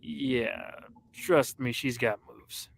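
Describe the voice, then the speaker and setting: A man's voice: mid-range voice, extremely slow, gravelly, slight background noise. A man voicing an earnest young sidekick hero in a fan audio drama. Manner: earnest, pleading.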